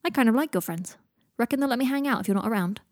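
A woman's voice: on the high side, lively intonation, racing, dry recording, studio quality, pitched above the performer's own voice, close to an everyday voice. A woman voicing an earnest, awkward young man in a fan fiction audiobook, with a flustered, eager manner. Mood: chatty.

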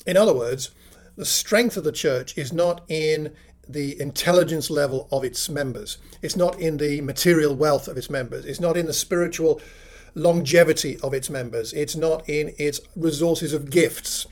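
A man preaching a sermon, teaching from scripture with measured emphasis and many rhetorical questions. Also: fairly high pitch. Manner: measured, slows to stress key phrases, rhetorical questions.

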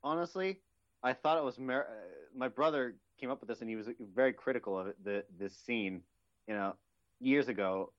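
A man co-hosting a casual movie commentary, speaking in an excitable, casual way with some swearing. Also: medium pitch, normal speed. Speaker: podcast co-host. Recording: slightly dull, lo-fi sound.

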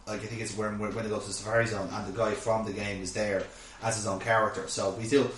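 A man's voice: lowish voice, level tone, fast talker, fairly bright tone, distant mic, slight background noise. A man hosting a podcast, recapping an episode in casual chat, rambling with lots of fillers and restarts. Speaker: podcast host. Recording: echoey room, set back from mic.

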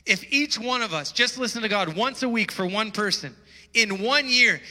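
Pastor guy preaching, high bright voice, gets loud when excited, echoey church hall. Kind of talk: sermon.

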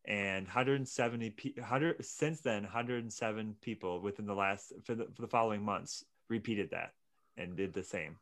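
A man co-hosting a casual podcast. His voice sits on the low side. He tells stories slowly and loosely, with lots of ums and restarts. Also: a bit bright. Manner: laid-back, hesitant storyteller with many fillers. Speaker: podcast co-host. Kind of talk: casual chat.

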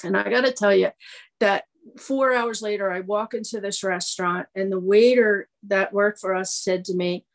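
A woman's voice: medium pitch, steady tone, moderate pace, low-quality recording. A middle-aged woman speaking at a recovery meeting, telling her story in a loose, conversational way full of fillers and restarts. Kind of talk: personal testimony storytelling.

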